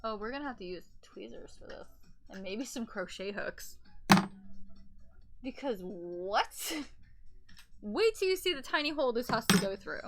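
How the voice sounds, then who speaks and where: A woman's voice: on the high side, animated, a little fast, fairly bright tone. Blunt, foul-mouthed woman streamer. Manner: blunt, profane, gossipy storytelling. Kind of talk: casual chat while sewing a plushie.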